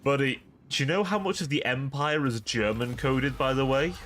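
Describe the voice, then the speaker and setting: A man's voice: medium pitch, moderate pace, a bit bright, a little hiss or hum. A young man live-streaming a strategy game, chatting casually with his viewers in a rambling, joking way. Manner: rambling, jokey, talks to chat.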